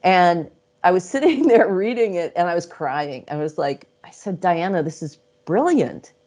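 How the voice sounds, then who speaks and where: A middle-aged woman with a slightly low voice tells her stories as an interview guest. She talks in a chatty, lively way, breaks into laughter often and slips into little acted-out quotes. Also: moderate pace. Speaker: interview guest, psychic channel. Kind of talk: casual storytelling interview.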